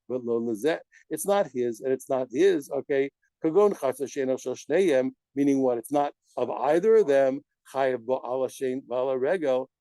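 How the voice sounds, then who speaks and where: A man teaching a daf yomi Talmud class, animated, asking rhetorical questions and mixing Aramaic terms into his English explanation. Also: mid-range voice, no room sound, poor audio.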